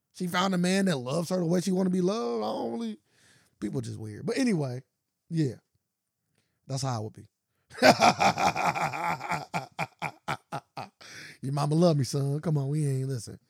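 A man co-hosting a podcast, chatting casually and acting out stories with lively quoted voices. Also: brisk, creaky, pauses often, breathy edge, dry recording, studio quality. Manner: animated storytelling, acting out quotes in high voices. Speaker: podcast co-host. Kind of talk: casual chat.

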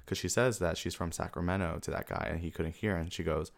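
A man talking casually about a film, enthusiastic and gushing, with quick affirmations. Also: sits low, steady tone, creaky.

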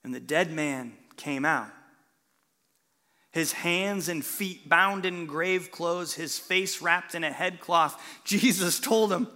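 Pastor, male, high bright voice, animated sermon storyteller, hall reverb. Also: slow. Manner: animated storytelling, swings from hushed to loud.

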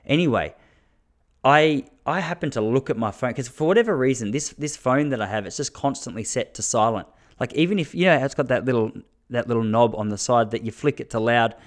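A man in his thirties with an Australian accent, a comedian and podcast host telling stories in a casual monologue, animated and chatty with frequent restarts. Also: medium pitch, fairly quick.

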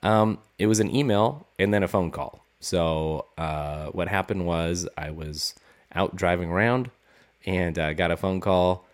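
A man with a cold and a sick-sounding voice, hosting a casual solo podcast in a relaxed, rambling way. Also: low-pitched, unhurried. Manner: relaxed, rambling, with fillers and restarts. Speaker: podcast host.

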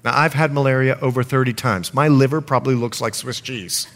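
A man's voice: medium pitch, brisk. A middle-aged man preaching a sermon as pastor, telling stories with acted-out quotes. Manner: storytelling with lively acted quotes.

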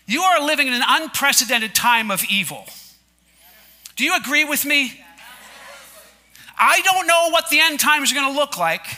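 A male pastor preaching in a church sanctuary, his voice pitched unusually high for a man and strikingly bright. He is emphatic and repetitive, and often has the congregation repeat lines back to him. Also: expressive, normal speed, pauses often. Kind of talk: sermon.

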